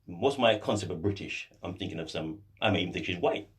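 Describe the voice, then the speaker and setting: A man's voice: low voice, animated, fast talker. A man guesting on a radio talk show, patiently explaining ideas with examples like a teacher, his voice a little distant from the mic in a studio. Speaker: guest lecturer on African history.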